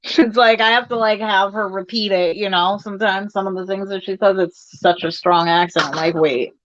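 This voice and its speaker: A woman's voice: medium pitch, steady tone, brisk, fairly bright tone, dry recording. A woman in her thirties chatting casually on a game livestream, laughing often and poking fun at herself. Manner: giggly, laughs often, self-deprecating. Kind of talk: casual chat while gaming. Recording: dull lo-fi stream audio.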